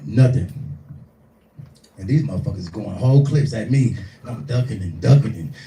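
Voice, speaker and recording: A man in his forties doing live stand-up, telling a profane, animated story and acting out the voices in it. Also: lowish voice, moderate pace, a little hiss or hum. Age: 40s. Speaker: stand-up comedian. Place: small live venue. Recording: echoey room, distant mic.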